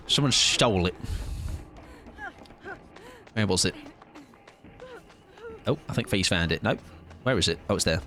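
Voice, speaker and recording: A man's voice: deep voice, animated, measured pace, long pauses, pushed and bright. A tired young man rambling playfully and mocking himself while he comments on a game he is playing live. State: tired, sleep-deprived. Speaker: streamer.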